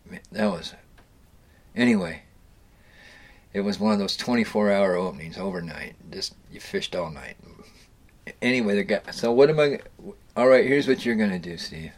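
A middle-aged storyteller recounts fishing trips with plenty of profanity, frequent restarts and chuckles, rambling casually as he goes. His voice is on the low side and expressive, at a moderate pace, and he pauses often.

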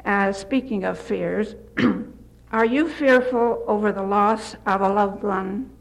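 An older retired woman giving a gentle devotional talk, telling stories with occasional slips and restarts. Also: mid-range voice, slow pace, vocal fry, poor audio. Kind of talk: folksy devotional talk with anecdotes.

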